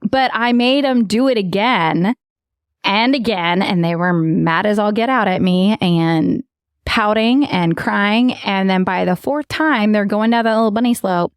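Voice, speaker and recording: Woman, podcast co-host, animated storyteller, dry close sound. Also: mid-range voice, unhurried, clear, resonant tone, no room sound. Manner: animated storyteller who acts out quotes and laughs often. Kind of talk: casual chat.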